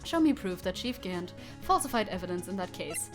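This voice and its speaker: A woman voicing a cold, composed female chief prosecutor in a measured, restrained tone. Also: lowish voice, big pitch swings, music in the background, pitched below the performer's own voice. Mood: guarded.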